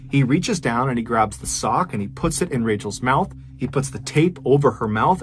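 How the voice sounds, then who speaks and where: A man hosting a podcast, telling a dark true-crime story in a conversational, suspense-building way. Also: mid-range voice, a little hiss or hum.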